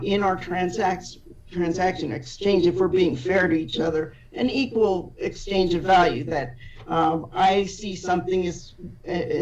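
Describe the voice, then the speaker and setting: A woman's voice: lowish voice, a little mellow. A woman who is a podcast guest, explaining ideas patiently and step by step, often restarting her sentences. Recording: distant, dull-sounding audio.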